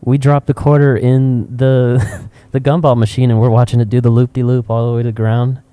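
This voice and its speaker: At a cigar shop, a podcast co-host tells animated stories amid lots of laughter in a casual chat. His medium-pitched voice has a moderate pace and a clear, resonant tone, with no echo.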